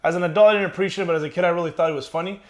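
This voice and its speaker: A man's voice: high-pitched, fairly even intonation, racing. A man co-hosting a casual movie review chat, chatty and chiming in often. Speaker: co-host.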